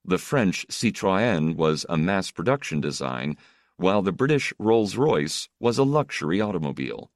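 Male storyteller, deep tone, varied melody, measured delivery. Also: big pitch swings, dry recording, clean studio sound. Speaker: narrator. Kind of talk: scripted narration.

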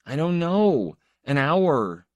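A frightened young man, tearful and strained, his voice pushed up high and loud, as a male narrator puts him on. The voice leaps around in pitch. The sound is close and dry. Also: big pitch swings, slow pace, dry recording, dull audio. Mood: distraught.

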